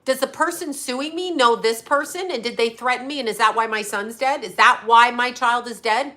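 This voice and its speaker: A woman's voice: on the high side, sharp tone. Angry middle-aged woman on a livestream. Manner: angry, profane, confronting a critic with rapid-fire questions. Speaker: psychic medium. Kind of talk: heated livestream rant to viewers.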